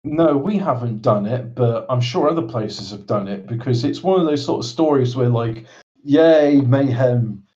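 A man's voice: medium pitch, normal speed, mellow. A man chatting casually on a podcast, reading out odd news stories with wry, rambling asides. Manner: wry, rambling, reads headlines aloud with asides. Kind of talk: casual chat. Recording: dull lo-fi sound.

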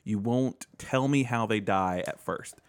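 A man's voice: on the low side, measured pace, dry recording. A man hosting a casual podcast, joking, laughing often and mimicking people. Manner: animated, jokey, laughs often, mimics voices. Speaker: podcast host.

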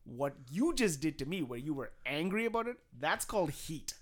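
A man on a podcast, chatting casually and excitedly, swearing and laughing as he explains things. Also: on the high side, moderate pace. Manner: excited, laughing, swears often, acts out quotes. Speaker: podcast co-host. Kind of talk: casual chat.

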